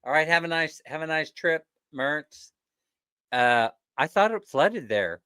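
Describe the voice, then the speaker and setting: A man hosting a casual livestream chat, ranting with animated energy and laughing often. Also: on the high side, unhurried, smooth, no echo, clean studio sound. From not from the Philippines. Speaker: livestream host.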